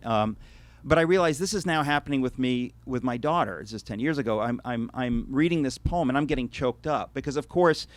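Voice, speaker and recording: A man's voice: medium pitch, dry recording. A middle-aged American man giving an earnest, reflective talk as an author before an audience, with frequent restarts and wry asides. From United States. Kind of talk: lecture to a live audience.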